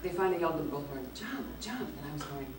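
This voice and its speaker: A woman guest at a convention Q&A, telling a lively anecdote, acting out the quotes and laughing often. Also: deep voice, very fast. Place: large echoey convention hall. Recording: echoey hall, distant mic, background noise.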